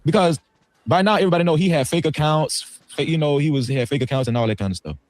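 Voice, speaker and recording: A man hosting a livestream, telling a story in casual, slangy talk that swings between low asides and loud outbursts. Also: quick pace, slight background noise. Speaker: livestream host.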